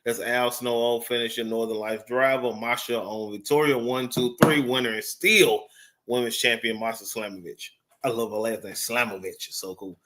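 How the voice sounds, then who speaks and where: A man's voice: medium pitch, steady tone, moderate pace, fairly bright tone. A man giving a casual, rambling wrestling review off the cuff, full of fillers and swearing. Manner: rambling, profane, filler-heavy.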